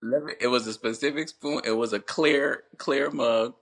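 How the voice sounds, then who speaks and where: A man from Connecticut hosting a podcast, asking gentle questions in a casual, easygoing interview. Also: medium pitch, normal speed, gravelly. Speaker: podcast host.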